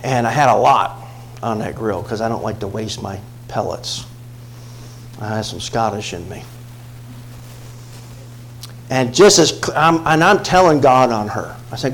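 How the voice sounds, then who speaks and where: A male pastor preaching a sermon, telling a personal story with dramatic swings from hushed tones to shouts. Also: mid-range voice, expressive, a little slow, creaky, pauses often, slight background noise, rough recording.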